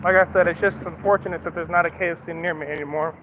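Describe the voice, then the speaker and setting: A man's voice: on the high side, fairly even intonation, fast, background noise. A man from the United States in casual livestream chat, swearing freely as he rants and then apologizes. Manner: profane, ranting and then apologetic. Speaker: streamer. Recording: slightly muffled stream audio.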